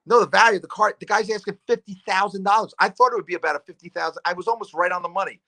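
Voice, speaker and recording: Bright-voiced man telling animated stories. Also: high-pitched, rapid-fire, gravelly. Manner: rambling, animated storyteller who acts out voices. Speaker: talk show host. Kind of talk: casual chat.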